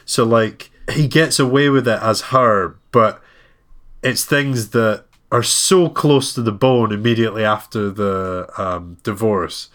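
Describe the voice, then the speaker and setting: A man's voice: on the low side, unhurried, fairly bright tone. A man co-hosting a casual film review chat, talking freely with frequent laughs and ums. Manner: chatty, laughs often, many ums. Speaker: podcast co-host.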